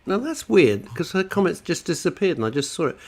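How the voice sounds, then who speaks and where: A man's voice: high voice, big pitch swings, a little fast, a little mellow, husky. A man co-hosting a radio show in casual banter, teasing his co-host and sarcastically reading listener messages aloud. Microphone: studio microphone.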